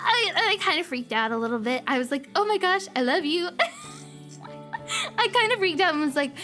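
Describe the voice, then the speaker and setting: A woman's voice: high-pitched, fairly bright tone. A woman streamer chatting casually with her viewers, gushing and emotional, often close to tears and giggling. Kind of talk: casual livestream chat.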